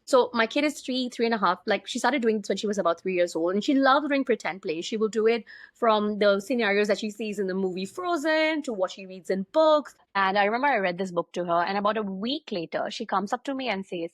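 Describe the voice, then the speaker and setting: A woman in her thirties from India, co-hosting a parenting podcast and telling stories in a quick, animated way. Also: mid-range voice, dry recording. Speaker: podcast co-host, pediatric sleep consultant. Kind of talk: casual podcast chat.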